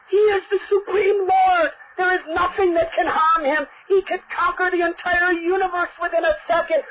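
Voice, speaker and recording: A woman's voice: very high-pitched, fairly even intonation, normal speed, a little hiss or hum, voice pushed up. A woman voicing a loyal young prince who speaks with earnest, insistent devotion. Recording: dull lo-fi recording.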